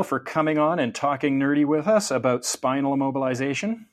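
A man's voice: mid-range voice, fairly quick. A man hosting a podcast in a casual chatty way, asking his guests questions and joking around. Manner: lively, jokey, asks questions. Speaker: podcast host.

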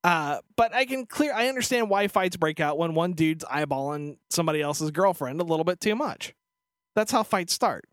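A man's voice: fairly high pitch, animated, moderate pace, fairly bright tone, no echo, clean studio sound. A man co-hosting a casual podcast, ranting sarcastically and swearing freely. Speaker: podcast co-host. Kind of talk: casual chat.

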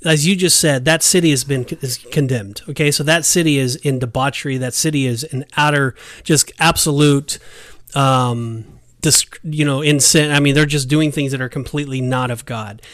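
A man's voice: mid-range voice, steady tone, moderate pace, a bit bright, no echo, clean studio sound. A man co-hosting a casual Bible discussion podcast who talks emphatically and acts out the scenes he describes. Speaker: podcast co-host.

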